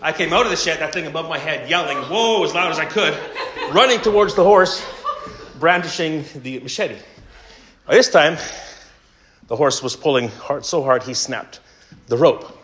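A man's voice: on the high side, normal speed, long pauses, fairly bright tone, a little hiss or hum. A Canadian man telling a funny story in a casual sermon, with self-mocking humor. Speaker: preacher.

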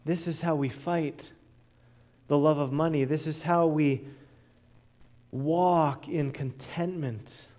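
Pastor, male, sermon delivery; high voice, unhurried, earnest, swells loud and drops soft. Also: fairly even intonation. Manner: earnest preaching, swelling loud then dropping soft and low.

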